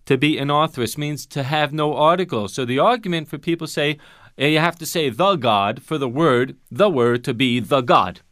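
A man's voice: a little high, moderate pace, a bit bright, no echo, studio quality. A man teaching Bible Greek grammar in an emphatic way, asking rhetorical questions and repeating his key points.

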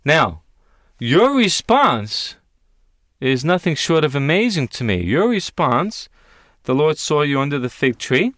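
Male Bible teacher, emphatic and questioning, very animated delivery, dry sound. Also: a little high, unhurried, dry recording. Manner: emphatic, questioning the listeners, stressing key words.

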